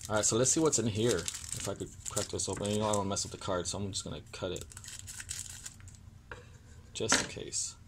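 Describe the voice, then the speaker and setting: A man's voice: on the low side, a little fast, long pauses, background noise. A young man hosting a casual card-opening vlog, sounding annoyed and apologetic as he stumbles over card names. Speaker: card-opening video host.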